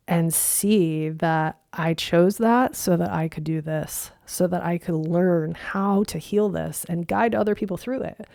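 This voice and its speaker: A woman's voice: on the low side, creaky, darkish tone, dry recording, studio quality. A woman hosting a podcast, talking earnestly and candidly as a coach, with casual swearing. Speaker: podcast host and integration coach. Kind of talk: reflective podcast monologue.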